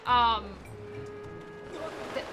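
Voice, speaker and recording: A woman streamer chatting casually during a speedrun, reading chat aloud and laughing often. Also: drawn-out words. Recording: game music playing behind.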